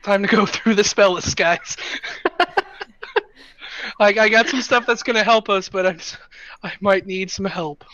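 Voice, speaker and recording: Male player, sharp tone, chatty with many pauses and fillers; dry, lo-fi recording. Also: high-pitched, dry recording. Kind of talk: casual tabletop game play. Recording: dull, dry, lo-fi mic.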